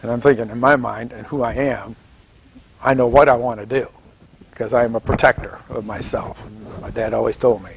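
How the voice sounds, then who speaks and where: A man in his seventies from Washington State, telling his story in an oral history interview, animated and chuckling, acting out the voices of people he quotes. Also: medium pitch, fairly quick, creaky, slight background noise. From Washington State, United States. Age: 70s. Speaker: veteran interviewee.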